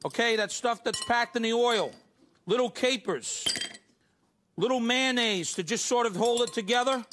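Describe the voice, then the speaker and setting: A man's voice: very high-pitched, moderate pace, fairly bright tone. A middle-aged man hosting a live cooking show, talking emphatically and coaxing the audience with repeated "okay?" and "you see?". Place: TV studio kitchen with live audience. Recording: studio audience and background noise.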